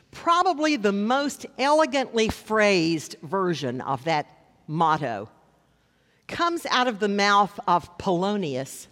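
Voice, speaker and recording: A man preaching a sermon as a pastor, conversational with wry asides, slowing down to stress key lines. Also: sits high, a bit bright. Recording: long reverb of a large hall.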